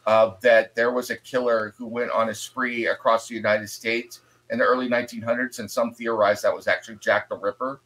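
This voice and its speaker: A man's voice: mid-range voice, little pitch movement, a little fast, hardly any pauses, fairly bright tone, rough recording. A man co-hosting a podcast in casual chat, easygoing and chatty, laughing at himself. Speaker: podcast co-host.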